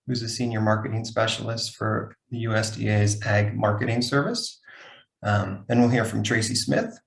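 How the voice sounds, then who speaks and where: A man moderates a webinar panel in a casual, loose way, with frequent fillers. His mid-pitched voice has a gravelly edge, and it echoes around the room he speaks from. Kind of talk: webinar remarks.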